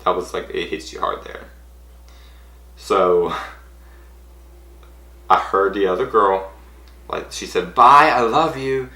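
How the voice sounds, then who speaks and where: A man's voice: deep voice, level tone, takes it slowly, vocal fry, long pauses, sharp tone. A man eagerly retelling a personal story to camera, rambling and full of "like". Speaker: vlogger. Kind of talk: casual storytelling. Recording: roomy echo.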